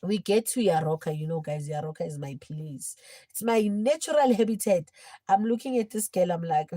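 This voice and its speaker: A young woman livestreaming, telling a personal story in casual chat and swinging between hushed and loud. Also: fairly low pitch, normal speed, no room sound, low-quality recording.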